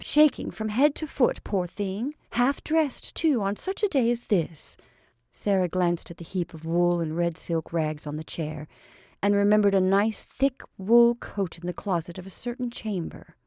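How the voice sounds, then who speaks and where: A woman's voice: mid-range voice, animated, normal speed, mellow, no echo. Woman reading a classic story, dry sound. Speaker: narrator. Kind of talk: scripted narration of a classic story.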